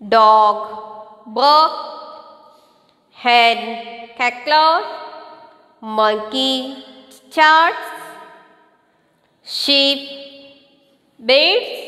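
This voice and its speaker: Slow, patient woman teaching small children. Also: high voice, sharp tone, roomy sound, big-room sound. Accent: Indian English. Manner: slow, patient, questioning with repeated prompts. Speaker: kindergarten teacher. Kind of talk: slow online class lesson for young children.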